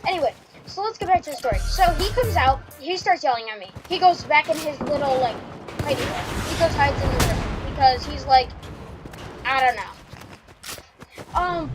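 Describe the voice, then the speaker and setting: A teenage girl with a high voice rambles through a casual storytime while she plays, packing her talk with "like". Loud game music blares behind her the whole time. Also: poor audio. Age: teens. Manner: rambling, heavy filler "like". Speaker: streamer.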